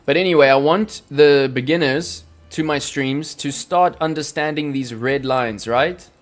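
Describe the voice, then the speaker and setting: A man's voice: on the high side, a little slow. A man hosting a casual live stream, teaching chart reading in a playful, jokey, chatty way with lots of fillers. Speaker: crypto trading livestream host. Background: faint background music.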